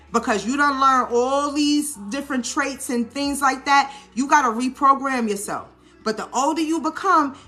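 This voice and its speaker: A woman with a New Orleans accent chatting casually while making a salad in a home kitchen, animated and coaching, often checking in with her viewers. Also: fairly high pitch. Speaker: lifestyle vlogger. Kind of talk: casual cooking vlog talk.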